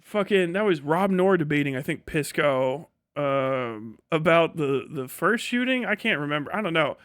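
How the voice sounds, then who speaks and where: A man with a voice pitched high for a man rants through casual livestream commentary. He swears freely and keeps breaking into laughter as he talks. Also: expressive, normal speed, a bit bright, clear, resonant tone. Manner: profane, ranting, laughs often. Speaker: streamer.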